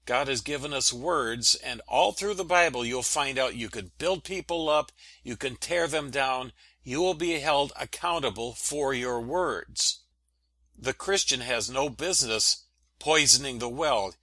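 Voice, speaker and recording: A man's voice: medium pitch, measured pace, sharp tone, no echo. A man hosting a solo podcast, talking in an earnest, lecturing, preachy way. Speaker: podcast host.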